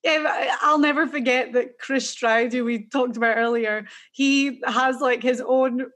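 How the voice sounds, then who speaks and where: A Scottish woman with a high voice talks golf stats as co-host. She chats loosely and thinks aloud, with plenty of fillers along the way. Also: steady tone, measured pace, fairly bright tone. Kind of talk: casual golf analysis chat.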